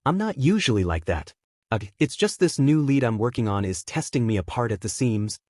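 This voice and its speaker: A man's voice: medium pitch, big pitch swings, moderate pace, darkish tone, dry recording, studio quality. A man voicing a nervous, exhausted young woman reporter who speaks shakily and hesitantly. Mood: embarrassed. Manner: shaky, hesitant.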